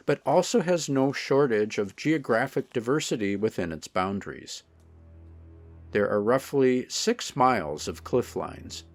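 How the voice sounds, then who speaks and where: A man giving a measured, scripted voice-over narration for a documentary. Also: mid-range voice. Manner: measured, steady voice-over delivery.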